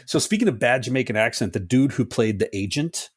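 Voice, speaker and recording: A man's voice: mid-range voice, a little fast, husky, no echo. A middle-aged man co-hosting a podcast in casual chat, swearing freely and joking as he tells stories. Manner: profane, joking, does mocking quoted voices. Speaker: podcast co-host.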